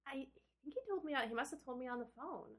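A woman's voice: high-pitched, animated, fast, fairly bright tone. A woman game designer, a guest in a casual interview, telling stories in a rambling, self-deprecating way with many fillers.

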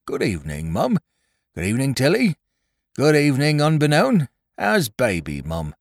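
A man voicing a meagre, thoughtful little man who speaks low and quietly. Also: huge pitch swings, moderate pace, gravelly, no echo, studio quality, full character voice. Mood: subdued.

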